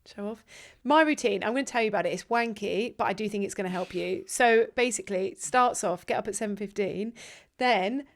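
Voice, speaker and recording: A woman hosting a podcast, chatting casually, jokey and quick to swear. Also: mid-range voice. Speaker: podcast host, editor. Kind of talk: casual chat.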